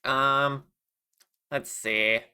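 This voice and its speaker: A streamer chatting casually and warmly with viewers during a live modeling stream, laughing often. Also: mid-range voice, fairly even intonation, drawn-out words, clean tone.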